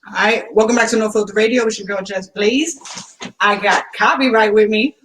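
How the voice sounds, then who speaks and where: A woman's voice: mid-range voice, moderate pace, fairly bright tone, slight background noise, low-quality recording. A woman hosting a casual radio interview, chatty and laid-back, using slang and laughing easily. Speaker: radio host.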